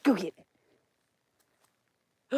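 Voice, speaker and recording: A woman's voice: extremely slow, a little mellow, a little hiss or hum. A woman chatting casually while walking her dogs on a snowy rural road, laughing and joking and voicing what her dogs are thinking. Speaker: homestead vlogger.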